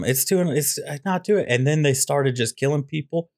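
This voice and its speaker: Animated, sarcastic ranting man. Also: fairly high pitch, brisk, no room sound, studio quality. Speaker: podcast co-host. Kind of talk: casual movie podcast chat.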